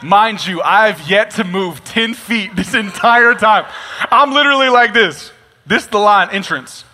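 Animated young pastor telling a funny story. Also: male voice, high-pitched, unhurried, slight background noise. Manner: animated storytelling with comic asides. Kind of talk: sermon. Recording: long reverb of a large hall.

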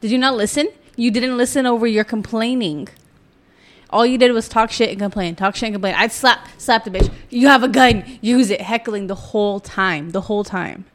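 A woman's voice: mid-range voice, steady tone, a little fast. A woman co-hosting a casual podcast, exasperated and teasing as she talks back to her co-host. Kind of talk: casual banter.

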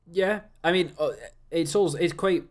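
A man's voice: a little high, normal speed. A young man co-hosting a podcast, chatting casually and acting out quoted exchanges as he tells stories. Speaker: podcast co-host. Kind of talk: casual chat.

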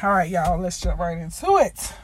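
A woman's voice: lowish voice, big pitch swings, moderate pace. A woman preaching casually on her own podcast, slightly out of breath, talking informally between scripture and prayer. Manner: informal, prays aloud with repeated "Father God". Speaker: podcast host and lay preacher. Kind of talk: casual devotional podcast sermon.

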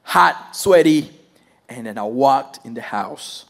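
A man preaching a sermon and telling a personal story, animated, talking to the audience and laughing often as he goes. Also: medium pitch, takes it slowly, vocal fry.

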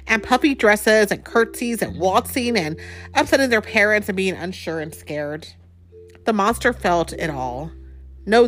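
A woman reading a picture book aloud at home to a child, pausing often to chat and ask questions. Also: medium pitch. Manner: chatty, asks the child questions.

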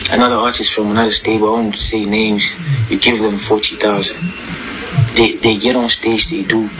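A man in the music business explaining a point casually, using street slang. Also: fairly low pitch. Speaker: music artist. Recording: clear background noise.

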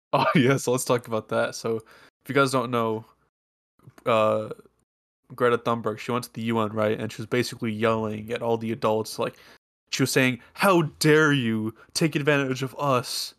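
A male podcast host talks in a relaxed, chatty way at a mid pitch. He laughs between lines and keeps checking in with the listeners. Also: moderate pace, creaky, long pauses. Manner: chatty, laughs often, seeks agreement from listeners. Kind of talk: casual podcast chat.

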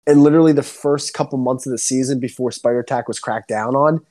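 A young man co-hosting a podcast, ranting excitedly and swearing a lot in casual chat. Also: fast talker. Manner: excitable ranting, heavy swearing, swings up high when worked up. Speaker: podcast co-host.

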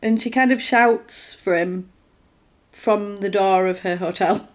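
A woman in casual conversation, retelling a film's plot with animated bits of acted dialogue. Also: mid-range voice. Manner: animated retelling, acts out lines in quick put-on voices; conversational, with fillers and restarts. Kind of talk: casual film recap chat.

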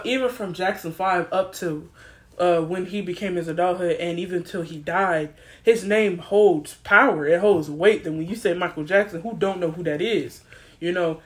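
A young woman guest on a podcast, talking in an emphatic, animated, slangy way. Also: fairly low pitch. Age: young adult. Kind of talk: casual podcast chat.

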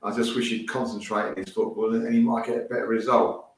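A man's voice: on the low side, little pitch movement, fast. A man on a football podcast, opinionated and indignant, his voice picked up from a distance. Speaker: podcast panelist. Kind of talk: casual chat. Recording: distant echoey mic.

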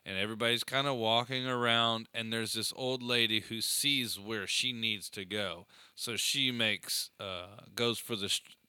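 A man chatting casually, telling funny stories in an animated way and laughing often. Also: on the low side, unhurried, hardly any pauses, smooth, no echo, studio quality. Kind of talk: casual chat.

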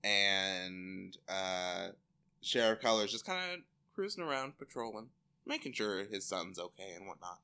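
A man chats through a TV episode as a podcast co-host, his pitch swinging all over the place. His tone is bright and forward, and he keeps breaking into laughter and silly character voices as he retells scenes. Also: expressive, a little slow, smooth. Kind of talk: casual chat recapping a TV episode.

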